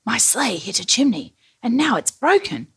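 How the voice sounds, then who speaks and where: A woman voicing Santa Claus, a jolly, gentle old man who speaks in a hushed, chuckling manner in a storybook reading. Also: on the high side, sing-song, moderate pace, slightly rough, voice pushed up, exaggerated voice.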